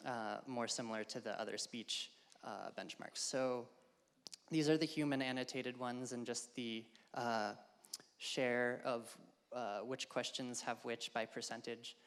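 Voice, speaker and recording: A man's voice: mid-range voice, steady tone, measured pace, fairly bright tone, clear, resonant tone, long reverb tail. A man giving a casual academic slide talk to a live audience, with many ums and uhs. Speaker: workshop presenter. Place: lecture hall.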